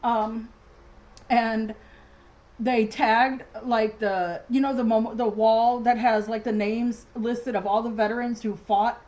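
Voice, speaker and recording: A woman's voice: on the high side, darkish tone, low-quality recording. Agitated woman ranting at home. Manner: agitated, rambling with many restarts and fillers. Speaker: vlogger. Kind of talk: casual ranting vlog. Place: home dining room.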